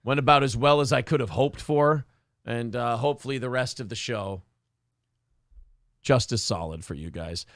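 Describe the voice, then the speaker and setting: A man's voice: mid-range voice, moderate pace, long pauses, no room sound, studio quality. A man hosting a morning show, reading live chat aloud in a crude, joking, self-mocking way. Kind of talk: casual profane chat.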